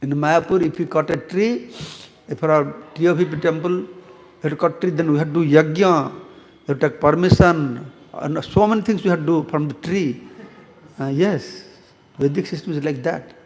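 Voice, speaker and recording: A man's voice: a little high, moderate pace, darkish tone, big-room sound. A man, a monk, teaching a scripture class who tells stories, asks the audience questions and chants verses. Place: temple hall.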